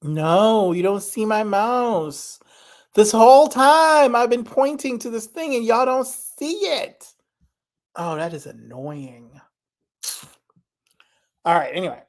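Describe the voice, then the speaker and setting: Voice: mid-range voice, expressive, slow pace, long pauses. A vlogger from Zimbabwe chatting casually, rambling with many fillers. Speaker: reaction vlogger. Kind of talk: casual chat.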